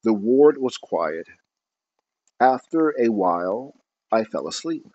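A man narrating a novel in the first person with a calm, expressive reading style. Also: lowish voice, takes it slowly. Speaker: audiobook narrator. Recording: dull lo-fi recording.

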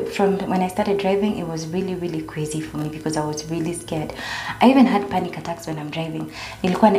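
A woman's voice: fairly low pitch, dark tone. A young woman from Kenya with a Kenyan accent, chatting casually as a vlogger and slipping Swahili slang into her talk. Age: young adult. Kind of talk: casual chat. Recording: echoey room.

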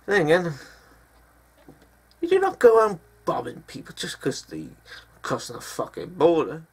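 A man's voice: fairly high pitch, huge pitch swings, moderate pace, breathy edge. A man giving ranting news commentary in a vlog, swearing often as he goes. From Britain. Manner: profane, angry ranting with frequent swearing.

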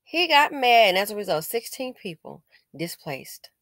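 A woman's voice: medium pitch, very animated, normal speed, a bit bright, dry recording, studio quality. A woman giving casual news commentary, indignant and scolding, with sarcastic exclamations.

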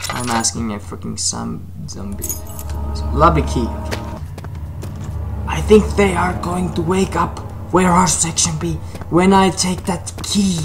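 A man's voice: on the high side, a little slow, gravelly, long pauses, noisy background. A man commentating a horror game he is playing, jumpy, shrieking and laughing when scared. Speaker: gaming commentator.

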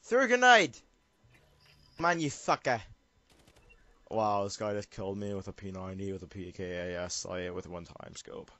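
A young man casually commenting on gameplay with a friend, excitable and swearing, often screaming at the game. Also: on the low side, normal speed, long pauses, dry recording, muffled recording. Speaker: gamer.

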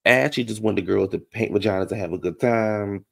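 A man's voice: on the low side, fairly quick, creaky. A man doing a casual, sassy reality show recap, gossiping and calling his listeners baby and honey.

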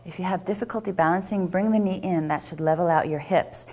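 A woman teaching a yoga class, giving gentle, encouraging step-by-step instructions. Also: on the low side, a little fast.

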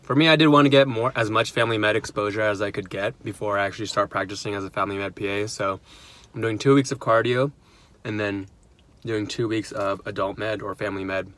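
A young man talks casually into a phone held at arm's length, his voice sitting low. He rambles along, dropping in plenty of fillers as he goes. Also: fast talker. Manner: relaxed, rambling, filler-heavy. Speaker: physician assistant student vlogger. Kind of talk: casual vlog chat. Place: car and home.

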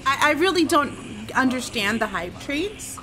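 A woman's voice: sits high, very animated, a little slow, background noise. A woman live-streaming a game, chatting casually with viewers, apologetic and easily startled. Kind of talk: casual live-stream chat while gaming.

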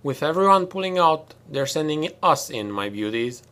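Audiobook: man voicing a tough, sardonic female lieutenant, clipped, loud, commanding. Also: on the high side, animated, normal speed, pitched above the performer's own voice. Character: stern hard-edged female marine lieutenant. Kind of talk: audiobook character reading.

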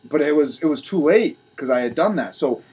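A man's voice: a little high, fairly quick, breathy edge. A man from Rhode Island, a podcast guest, telling his story candidly and animatedly, acting out what others said. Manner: animated, acts out other people's lines.

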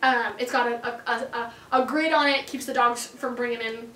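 A woman's voice: on the high side, fairly even intonation, normal speed, pushed and bright, reverberant, recorded from a distance, slight background noise. A woman showing off her dog's tricks in a chatty, casual talk, laughing often. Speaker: dog owner showing tricks. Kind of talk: casual chat.

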